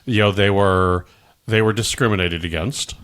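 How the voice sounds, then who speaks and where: A man from the Midwest co-hosts a podcast in a low voice. He rambles in casual chat, restarts often and drifts off on tangents. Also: moderate pace, fairly bright tone, clean tone. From American Midwest. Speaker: podcast co-host.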